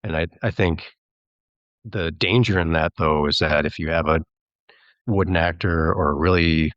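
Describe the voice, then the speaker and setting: Low-voiced guy rambling in a podcast chat, muffled dry recording. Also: moderate pace, a bit bright, no echo. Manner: chatty, rambling, slips into mimicking voices when quoting. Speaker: filmmaker and actor, guest. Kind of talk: casual podcast interview.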